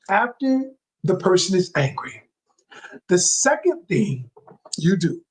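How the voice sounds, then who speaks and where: Animated, husky-voiced male coach. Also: poor audio. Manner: emphatic and repetitive, addresses listeners directly; drops his voice low to demonstrate calm. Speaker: communication coach. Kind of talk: motivational talk to an audience.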